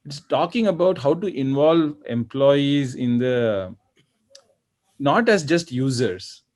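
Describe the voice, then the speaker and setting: A man from India speaking as a software executive on an online panel, explaining points with many fillers and tag questions. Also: medium pitch, animated, slow pace. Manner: explains with frequent "right?" and fillers. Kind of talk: panel discussion. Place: video call.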